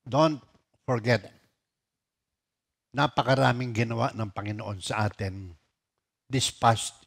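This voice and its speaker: Slow, deliberate pastor, male. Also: medium pitch, fairly even intonation, vocal fry, breathy edge. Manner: slow and deliberate, mixing Tagalog and English. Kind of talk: sermon and prayer.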